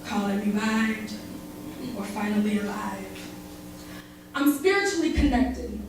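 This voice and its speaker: A young woman performing spoken word poetry with rhythm and dramatic pauses at a live event in a barber shop. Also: medium pitch, animated, noisy background. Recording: echoey room heard from far off.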